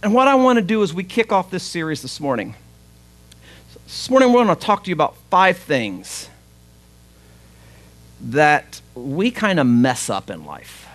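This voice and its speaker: A man's voice: a little high, very animated, a little slow, long pauses, a bit bright. A man, preaching a sermon as pastor, retelling a story in a conversational way and voicing the father's lines.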